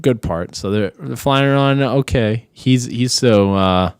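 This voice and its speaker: A man's voice: medium pitch, a little slow, clean tone, no echo, studio quality. A man co-hosting a podcast, chatting casually and joking as he recaps a movie in a rambling way. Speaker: podcast co-host. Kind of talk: casual chat.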